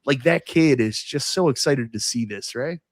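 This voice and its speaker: An excitable middle-aged man chatting casually as a podcast host. His voice sits at an ordinary pitch and he talks with animated fan energy. The sound is close and dry. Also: moderate pace, dry recording. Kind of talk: casual chat.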